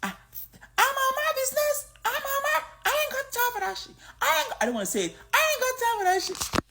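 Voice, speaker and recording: A woman imitating a blunt, carefree American woman who brushes off gossip, in a high, brash voice. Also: expressive, racing, sharp tone. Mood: dismissive.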